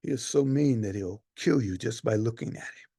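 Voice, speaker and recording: A man performing a one-man play as a weary Roman centurion, telling the story in a dramatic monologue that swings from hushed to loud. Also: mid-range voice, normal speed, vocal fry, slightly rough, no echo, clean studio sound.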